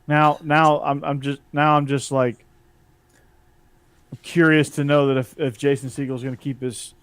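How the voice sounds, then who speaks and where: A man's voice: on the high side, level tone, unhurried, clean tone, no echo. A man co-hosting a sports podcast in joking, casual chat. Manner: joking, laughs often. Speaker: podcast co-host.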